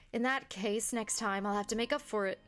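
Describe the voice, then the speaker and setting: A young American woman streaming a visual novel, reading its lines aloud and breaking off into chatty, giggly commentary. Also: mid-range voice. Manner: chatty, giggly, reads game lines aloud with animated asides. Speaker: gaming streamer.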